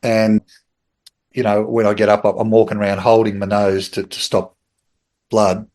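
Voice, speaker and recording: Australian man telling a lively story. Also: fairly low pitch, moderate pace. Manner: animated storyteller, acts out quoted voices, chuckles. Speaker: podcast guest. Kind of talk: casual anecdotal storytelling.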